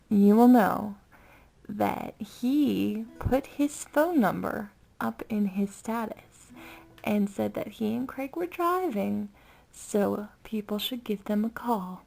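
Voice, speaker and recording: Excitable woman vlogger, gravelly vocal fry, giggly and rambling. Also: medium pitch. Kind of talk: casual chatty vlog.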